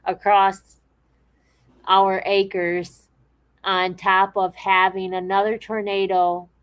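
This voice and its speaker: A woman co-hosting a podcast, chatting in a relaxed way and reading viewer comments aloud. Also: medium pitch, slow, clean tone, muffled recording. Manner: relaxed and conversational, with frequent restarts. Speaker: podcast co-host.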